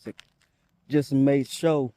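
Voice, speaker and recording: A young man telling a story while walking outdoors, chatty and animated, with nervous asides. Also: medium pitch, takes it slowly, dry recording. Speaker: vlogger. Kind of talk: casual story-time vlog.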